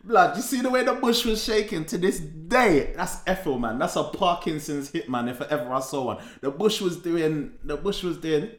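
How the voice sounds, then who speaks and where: A man's voice: fairly high pitch, expressive, moderate pace, few pauses. Joking man in an echoey room. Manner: joking, slangy, exaggerating. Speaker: podcast co-host. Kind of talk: casual banter.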